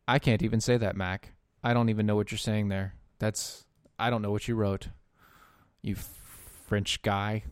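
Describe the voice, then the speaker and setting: A man giving opinion commentary, halting often with fillers and dropping into sarcastic muttered asides. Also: lowish voice, little pitch movement, clear, resonant tone, dry recording, clean studio sound. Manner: sarcastic asides muttered under his breath; halting, with frequent fillers and restarts. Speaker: political commentator.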